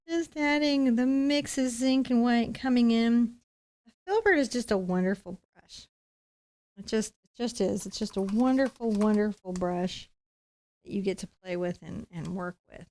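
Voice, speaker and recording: A middle-aged woman talks through a painting lesson as she works, in a steady mid-range voice. She keeps the talk light and playful, narrating every stroke in a friendly, unhurried way. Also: medium pitch. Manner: chatty and playful, talking while painting. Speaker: painting instructor. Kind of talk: live-streamed painting lesson.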